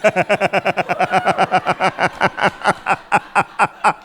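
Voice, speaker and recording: A man performing live stand-up comedy, animated and prone to sudden loud shouts. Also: high-pitched, extremely slow.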